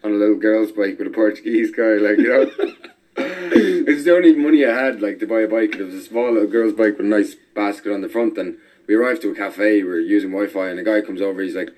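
A man's voice: fairly low pitch, flat delivery, quick pace, a little mellow. A man guesting on a podcast, telling an adventure story in an easygoing, chatty way. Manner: easygoing, chatty, laughs while telling stories. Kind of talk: casual storytelling.

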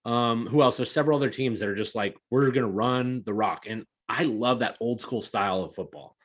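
A man co-hosting a laid-back football podcast, loose and excitable in his delivery. He swears freely and laughs often, and his pitch sits in an ordinary middle range. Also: fairly quick. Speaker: podcast co-host. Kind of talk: casual sports chat.

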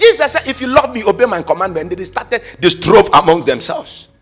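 A pastor preaching a fervent sermon, swinging between loud shouted calls and quiet asides, slipping into sung phrases. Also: male voice, high-pitched, sing-song, a little fast, husky, faint music behind.

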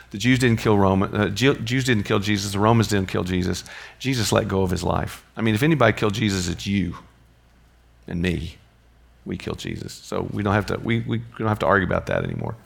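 A low-voiced man with a gravelly edge leads a Bible study, talking it through in a loose, conversational way. He keeps pausing to check in with the people listening. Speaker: Bible teacher.

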